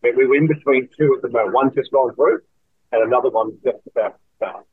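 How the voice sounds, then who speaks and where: Older Australian man, friendly guest, husky voice over a tinny dry phone line. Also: medium pitch, fast talker, dry recording. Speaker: actor guest. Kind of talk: casual interview chat.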